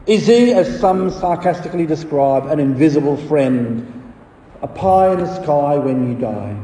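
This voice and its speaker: A man's voice: a little high, mellow, a little hiss or hum. A male pastor preaching a sermon, asking rhetorical questions and swelling on key phrases. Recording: echoey hall from far off.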